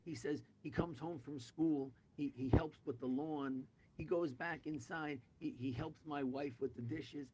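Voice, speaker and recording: A man's voice: fairly high pitch, measured pace, few pauses, a little mellow, a little hiss or hum. A man telling a long joke as a guest storyteller, talking animatedly and shifting his voice for each quoted character, heard over a video call.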